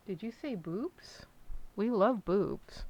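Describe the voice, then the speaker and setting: A woman live streamer chatting casually to her dogs and viewers in a small room at home. She coaxes the dogs and drops to a soft hush when she praises them. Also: mid-range voice, animated, slow. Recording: dull lo-fi stream audio.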